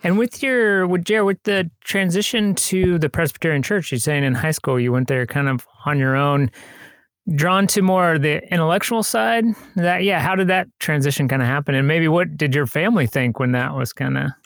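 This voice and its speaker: A man's voice: fairly high pitch, moderate pace, fairly bright tone, no echo, studio quality. A man from rural Indiana hosting a podcast, asking long, rambling questions. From rural Indiana, USA. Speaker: podcast host. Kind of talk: podcast interview.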